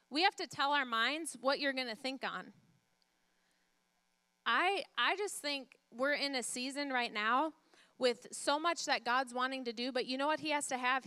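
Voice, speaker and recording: This is a woman pastor's sermon, her voice bright, slightly high, clear and resonant, captured close and dry. She speaks emphatically, circles back to key phrases, asks the congregation questions, and lowers herself to a hush while retelling a story.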